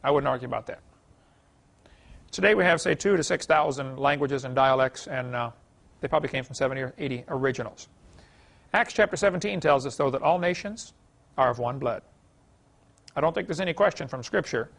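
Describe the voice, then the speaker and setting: A man lecturing a class in a folksy, anecdotal way. His voice sits a bit high and has a gravelly edge. He chuckles often and fills his talk with "you know.". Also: a little fast, fairly bright tone.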